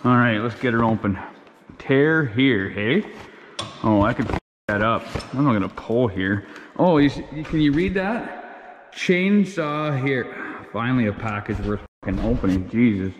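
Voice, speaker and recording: A man's voice: mid-range voice, lively intonation, unhurried, long reverb tail, muffled recording, slight background noise. A man hosting a casual unboxing vlog, talking in crude, rowdy, heavily profane banter. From Canada. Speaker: channel host.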